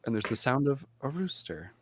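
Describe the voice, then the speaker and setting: A man narrating as game master in a relaxed, meandering way, with many ums. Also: medium pitch, brisk, a little hiss or hum.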